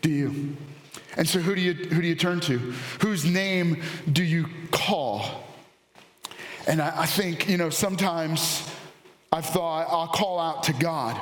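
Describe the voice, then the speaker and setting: A man's voice: on the high side, fairly bright tone. A man in his thirties preaching a sermon as a pastor, telling candid, self-deprecating stories about family life. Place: church auditorium. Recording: echoey church hall.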